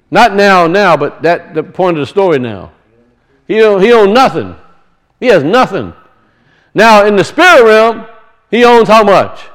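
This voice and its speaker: A man's voice: sits high, rough recording. A man preaching a sermon, teaching through rhetorical questions and emphatic repetition.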